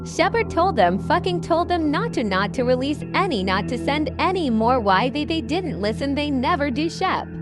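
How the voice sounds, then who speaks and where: A woman's voice: high voice, very animated, over music, heavily acted. A woman reading the lines of a wounded male soldier who babbles in a frantic rush, sobbing. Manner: frantic rushed speech, sobbing.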